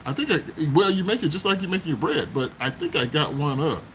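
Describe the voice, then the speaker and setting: Chatty man with a lively, rising voice. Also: a little high, fairly quick, a little hiss or hum, poor audio. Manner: laughs often, chatty, frequent exclamations. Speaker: livestream host chatting with viewers. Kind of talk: casual live chat. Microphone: phone.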